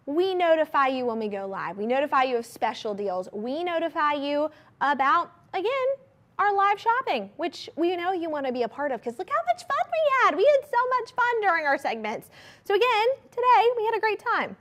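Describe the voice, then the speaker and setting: A woman hosting a live shopping channel, pitching products to viewers in an upbeat, chatty way. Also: very animated, moderate pace, a bit bright. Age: adult mother of a young child. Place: TV studio.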